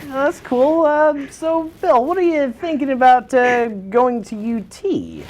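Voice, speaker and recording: A woman's voice: sits high, slow, a little mellow, a little hiss or hum. A woman hosting a comedy late-night show, with a mock-formal, dry comic delivery. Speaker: talk show host.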